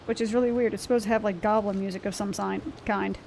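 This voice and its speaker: A woman streaming a game talks fast and chattily, swearing at and addressing the monsters she battles while game music plays. Her medium-pitched voice is fairly even, creaky, and a little mellow, with slight hiss or hum in the audio.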